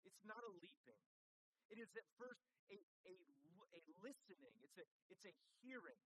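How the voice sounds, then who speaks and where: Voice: mid-range voice, animated, normal speed, fairly bright tone, husky, rough recording. A preacher giving a sermon, telling a story and building to emphatic, repeated phrases.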